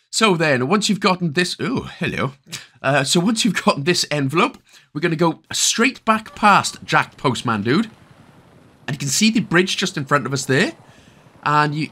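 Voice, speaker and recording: Lively, bright-voiced Welsh gaming host. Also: male voice, medium pitch. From Wales. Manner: chatty, jokey, rambling asides. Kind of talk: casual game walkthrough commentary.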